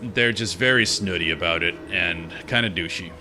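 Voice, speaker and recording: A man streaming a game while chatting casually in a relaxed, rambling, opinionated way. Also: low-pitched, normal speed. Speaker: gaming streamer. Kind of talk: casual chat while playing. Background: game music.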